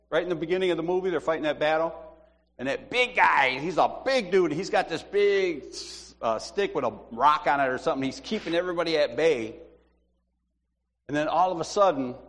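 Chatty man preaching in a reverberant hall. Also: on the high side. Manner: chatty, animated storytelling with laughs. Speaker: church teacher. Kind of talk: informal sermon.

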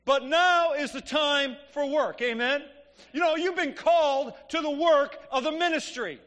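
A man's voice: very high-pitched, measured pace, a bit bright. A man preaching a sermon in a church, telling stories conversationally and asking the congregation "Amen?". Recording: long reverb of a church hall.

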